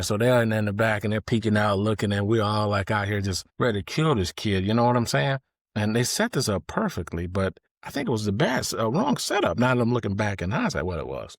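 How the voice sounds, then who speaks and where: A man's voice: medium pitch, normal speed, dry recording, clean studio sound. A man, telling a personal story in a candid, confessional, conversational way. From Georgia, US. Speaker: host, storyteller.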